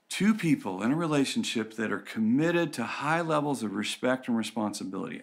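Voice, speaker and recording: A man giving a conversational teaching talk on relationships, telling stories and acting out quoted voices with lively shifts. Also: medium pitch, gravelly.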